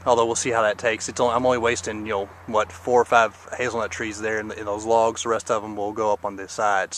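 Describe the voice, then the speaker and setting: A man's voice: on the low side, a bit bright. A man, a podcast host, casually walking through his rural property outdoors on a camera mic, a little out of breath and rambling with many fillers. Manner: rambling, filler-heavy, pointing things out. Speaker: podcast host giving a garden tour. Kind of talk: casual outdoor video tour.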